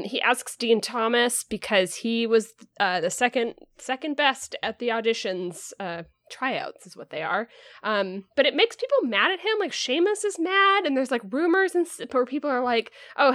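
This is a woman hosting a podcast, recapping a chapter in a loose, rambling way. She leans on "um" and "like" as she goes. Her voice sits a little high and sounds dry and close. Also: animated, normal speed, fairly bright tone, no room sound. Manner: rambling, filler-heavy, lots of "like" and "um". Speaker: podcast host.

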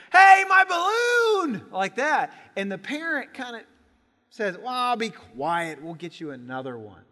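High bright-voiced man preaching in a church. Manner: animated storytelling, acts out voices in quotes. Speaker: pastor. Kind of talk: sermon. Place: church sanctuary. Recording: church sanctuary with long reverb.

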